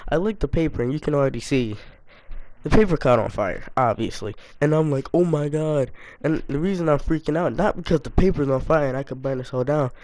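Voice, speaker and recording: A man's voice: medium pitch, dry recording. Dry-miked young man telling a story. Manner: animated, self-mocking, slangy. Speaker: storytime YouTuber. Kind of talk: casual storytelling.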